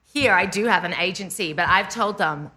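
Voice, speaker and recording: A young woman with an Australian accent talks in a bright, clear voice that carries well. She gushes and giggles through an easygoing chat, leaning on "like" between her thoughts. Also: lowish voice, normal speed. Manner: gushing, giggly, lots of "like". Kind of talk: casual chat.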